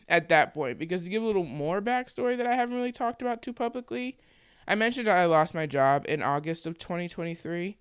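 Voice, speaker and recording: A woman's voice: on the low side, brisk, clear, resonant tone, no room sound, studio quality. A woman in her twenties telling her own story to the camera in a candid, conversational way, with plenty of "like" fillers. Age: 20s. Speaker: vlogger and podcaster.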